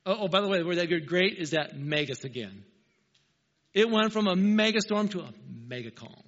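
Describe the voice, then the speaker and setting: Male preacher, high voice, animated storytelling, emphatic, long hall reverb, muffled lo-fi sound. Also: a little fast. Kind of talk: sermon.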